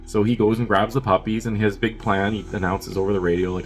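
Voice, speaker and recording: A man's voice: lowish voice, fairly even intonation, fast talker, faint music behind. A man who is sick with a cough, casually reviewing a movie in a rambling, chatty way with wry asides.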